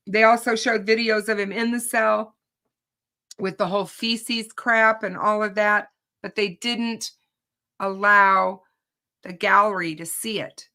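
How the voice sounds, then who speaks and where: A woman's voice: medium pitch, steady tone, takes it slowly, pushed and bright. A woman hosting a true crime channel, telling viewers about her day in court in an emphatic, indignant casual way.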